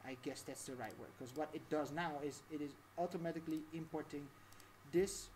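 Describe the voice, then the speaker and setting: A woman's voice: low-pitched, a little fast, a little mellow, slight background noise. A woman talking through a casual live-stream tutorial, chatty and rambling, laughing often.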